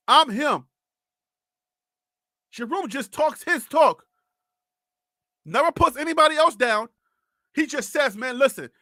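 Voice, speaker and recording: A man's voice: very high-pitched, pushed and bright, no room sound, clean studio sound. A man hosting a live sports talk show, speaking in an impassioned, pleading way and repeating himself. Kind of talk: live sports commentary monologue.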